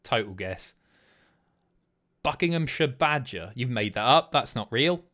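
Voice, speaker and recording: A man's voice: mid-range voice, lively intonation, a little slow, fairly bright tone. A man hosting a live stream, chatting casually, swearing and guessing aloud as he reads chat. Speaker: streamer host.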